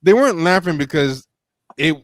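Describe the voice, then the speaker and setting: A man's voice: on the high side, moderate pace, dry recording. A man co-hosting a casual livestream discussion, reading quotes aloud and reacting with lots of fillers. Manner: animated, reads quotes aloud, many fillers. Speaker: podcast co-host.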